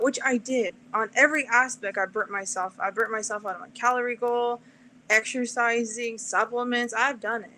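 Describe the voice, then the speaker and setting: A woman's voice: a little high, normal speed, a little hiss or hum. A woman as an interview guest, chatting casually and acting out the people in her stories. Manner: animated storyteller, acts out quotes. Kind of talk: casual chat.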